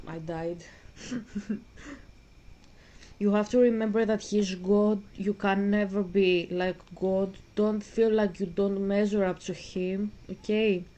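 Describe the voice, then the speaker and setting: Woman streamer, earnest and preachy, mid-pitched, flat delivery. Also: low-quality recording. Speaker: gaming streamer. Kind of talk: casual talk while playing a video game.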